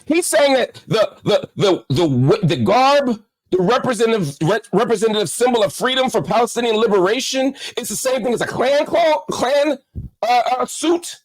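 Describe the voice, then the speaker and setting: A man's voice: extremely high pitch, animated, moderate pace, dry recording, rough recording. A middle-aged man giving impassioned commentary as host, indignant and firing off rhetorical questions.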